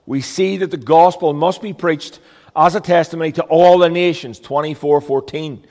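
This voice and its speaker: A man's voice: fairly high pitch, fairly even intonation, moderate pace, a little mellow, big-room sound. A man preaching a sermon as a pastor, earnest and emphatic, with rhetorical questions.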